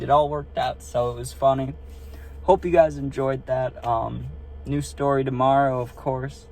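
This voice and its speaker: A young man sits in his car and tells a story in a loose, rambling way. He swears freely, piles up fillers, and keeps checking in with the listener. His voice sits at an ordinary middle pitch for a man. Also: fairly even intonation, normal speed, vocal fry, a little mellow. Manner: rambling, profane, filler-heavy, asks listener "right?". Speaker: storytime vlogger. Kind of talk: casual storytelling. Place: parked car.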